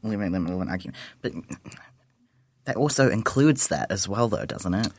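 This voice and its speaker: A young adult man, co-hosting a casual radio chat, talkative and quick to question the quiz answers. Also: on the low side, expressive, no echo. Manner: chatty, questions and talks over quiz answers. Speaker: radio co-host. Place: radio studio.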